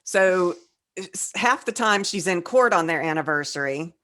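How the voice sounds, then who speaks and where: A woman with a lowish, expressive, slightly bright voice co-hosts a casual writing podcast. A little tipsy and slurring slightly, she trades jokes and reads definitions aloud slowly.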